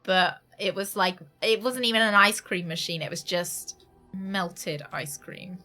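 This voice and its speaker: A woman streaming a game from home, chatting casually, laughing often and switching into a high baby voice for her dog. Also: fairly even intonation, measured pace, sharp tone, faint music behind. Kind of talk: casual live-stream chat.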